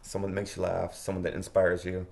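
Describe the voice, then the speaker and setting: A man with a fairly low voice tells a candid personal story in an interview. He talks loosely and chattily, breaks into laughter often, and swears freely. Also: monotone, quick pace, gravelly, a little mellow.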